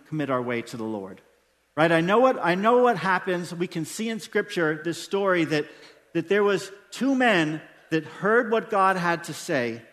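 High-voiced man preaching in a reverberant hall. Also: a bit bright. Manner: emphatic, with frequent rhetorical questions. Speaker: pastor. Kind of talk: sermon. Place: church sanctuary during a service. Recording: long church-hall reverb.

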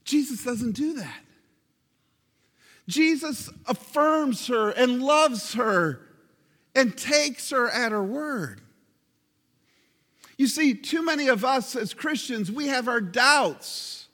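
Male pastor, high voice, emphatic sermon delivery, long hall reverb. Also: animated, sharp tone. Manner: emphatic, with slow stressed phrases.

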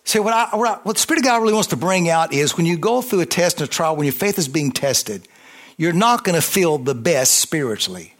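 Fervent preacher, slightly high voice. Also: male voice, lively intonation, fairly quick. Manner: fervent, call-and-response, rising and falling emphasis. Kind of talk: sermon.

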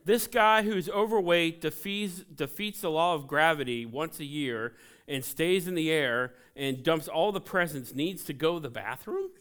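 A man in his forties from Ohio preaching a sermon in a church, conversational and joking, telling animated personal stories. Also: on the high side, moderate pace, clear, resonant tone. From Ohio, USA. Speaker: pastor. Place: church sanctuary.

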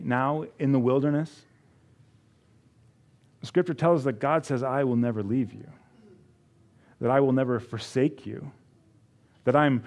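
A man preaching a sermon in an earnest way, rising to emphasis and then dropping to a hush, often repeating words. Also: medium pitch. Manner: earnest, swings from rising emphasis to hushed quiet. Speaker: pastor.

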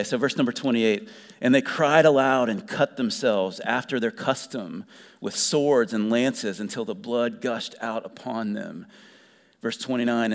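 Guy preaching a sermon, chatty and animated, mid pitch, long echo like a big hall. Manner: animated, conversational preaching with asides. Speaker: pastor.

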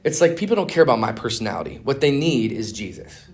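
A middle-aged man teaching a conference class on evangelism, talking fast and animated, full of "man" and "dude.". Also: mid-range voice. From Minnesota. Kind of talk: casual conference teaching with stories.

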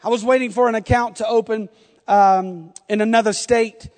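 High-voiced Southern pastor in a hall. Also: male voice, fairly even intonation, normal speed, a little mellow. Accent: Southern US, North Carolina. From North Carolina, US. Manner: humorous storytelling with frequent laughter. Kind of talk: sermon.

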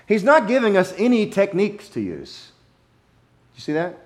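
A man preaching a sermon, emphatic, with dramatic pauses and repetition, sometimes playful. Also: sits high, wildly swooping pitch. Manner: playful, acts out wrong versions for effect. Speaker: pastor.

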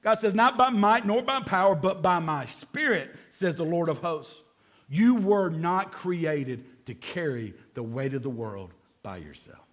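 A man preaching a sermon as pastor, energetic, repeating key words and joking with the congregation. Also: sits high, a little slow.

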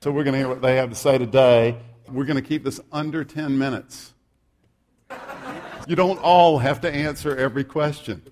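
A man's voice: mid-range voice, moderate pace, darkish tone, slight background noise. Male pastor, mid-range voice, sermon reading with humorous asides. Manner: humorous, self-deprecating asides.

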